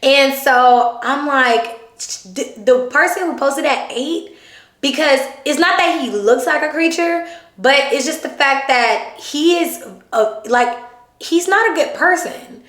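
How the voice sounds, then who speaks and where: Chatty woman telling a storytime, roomy echo. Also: slow pace. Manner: animated, drops low to quote her date. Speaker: vlogger. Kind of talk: casual storytime chat. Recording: echoey room.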